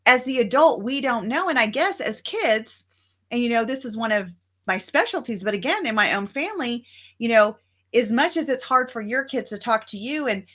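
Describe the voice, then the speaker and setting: A woman's voice: a little high, animated, moderate pace, a bit bright. A middle-aged woman co-hosting a casual talk show, speaking earnestly and reflectively and acting out small scenes from her stories. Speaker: co-host. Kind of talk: casual chat.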